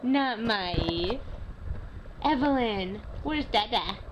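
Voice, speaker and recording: A mother reading a picture book to a toddler at home, naming each word slowly and coaxing the child to repeat it. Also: a little high, lively intonation, highs cut off. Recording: noisy home video.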